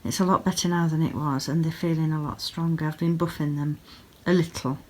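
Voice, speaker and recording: A woman's voice: sits low, fairly even intonation, brisk. A woman in her thirties chatting casually at home in a vlog, gushing over small pretty things and sounding sleepy. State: sleepy, yawning. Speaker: yarn dyer and vlogger. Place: home, craft room.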